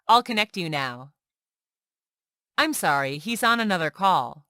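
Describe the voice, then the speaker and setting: A woman reading everyday English example sentences one by one for learners, slow and clear. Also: fairly low pitch, dry recording, clean studio sound. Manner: slow, clear, lively intonation on questions. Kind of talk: slow scripted reading of phrases.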